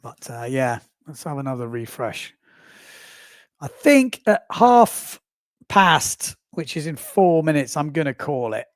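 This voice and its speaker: A man's voice: a little high, sing-song, takes it slowly, no echo, clean studio sound. A man in his forties hosting a casual livestream, chatting and rambling with self-amused asides while running through results. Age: 40s. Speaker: livestream host. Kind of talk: casual live commentary.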